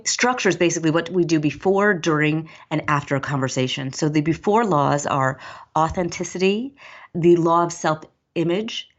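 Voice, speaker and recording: A woman from New Jersey, an author interviewed as a guest, explaining her ideas in a clear, structured way. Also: low voice, highs cut off. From New Jersey, USA.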